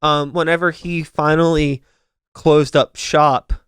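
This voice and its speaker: Chatty podcast host, crisp and dry. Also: male voice, fairly high pitch, little pitch movement, takes it slowly, fairly bright tone, no echo. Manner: rambling, filler-heavy, upbeat sing-song outro. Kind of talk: casual interview chat.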